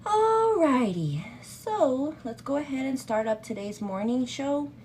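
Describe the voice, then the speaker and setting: A woman's voice: high-pitched, sing-song, a little slow, darkish tone, a little hiss or hum. A woman hosting a casual get-ready-with-me makeup show, chatting affectionately and greeting viewers in a sing-song way.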